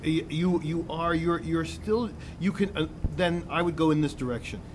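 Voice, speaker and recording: A man leads a singing masterclass, explaining things in a somewhat high voice and tripping over his own restarts. A steady noise runs under the whole recording. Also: moderate pace. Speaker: vocal coach. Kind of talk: masterclass coaching. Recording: noisy room recording.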